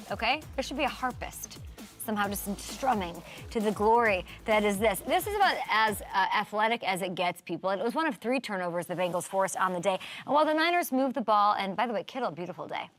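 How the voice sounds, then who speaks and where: A woman hosting a sports talk show, animated and joking, riffing fast on the weekend's games. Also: mid-range voice, faint music behind. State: out of breath. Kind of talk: energetic sports talk monologue.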